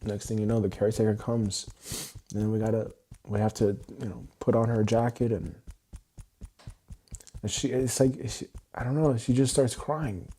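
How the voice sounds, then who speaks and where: Speaking on a livestream with a low, husky, mellow voice, a man gives an unscripted, raw and emotional monologue in a steady tone. He halts, repeats phrases and often restarts mid-thought.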